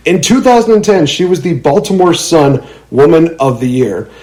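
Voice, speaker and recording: A man's voice: fairly high pitch, big pitch swings, normal speed, mellow, rough recording. A young man hosting a podcast, giving playful hype-style guest introductions. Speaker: podcast host.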